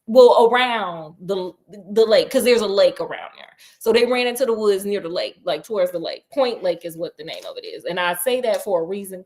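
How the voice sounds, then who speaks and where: A woman's voice: medium pitch, a little hiss or hum. A woman retelling a book in a sassy, chatty, comedic way with laughing asides. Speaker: storyteller.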